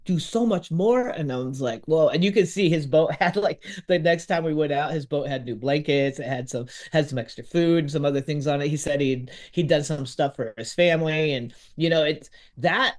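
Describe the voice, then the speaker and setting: A man telling a story in lively podcast chat, acting out what others said. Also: a little high, a little fast, few pauses. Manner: lively, acts out quotes of others.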